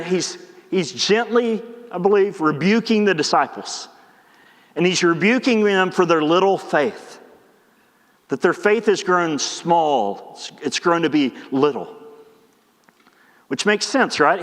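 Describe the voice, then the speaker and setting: Male pastor, sermon, chatty delivery that acts out scenes, high-pitched, reverberant church sanctuary. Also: fairly bright tone. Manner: conversational preaching, acts out the disciples in quick asides. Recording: long church hall reverb.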